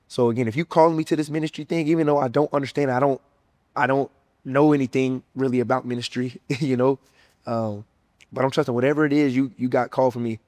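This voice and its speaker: A man's voice: medium pitch, steady tone, fast, a little mellow, no room sound. A young man with a Southern US accent, sharing his personal faith testimony in an earnest, emotional, casual way. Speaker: former college football player sharing his testimony.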